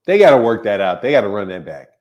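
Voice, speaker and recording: A man's voice: fairly low pitch, very animated, quick pace, darkish tone. A man hosting a live boxing stream, chatting casually, laughing often and greeting viewers by name. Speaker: boxing channel host.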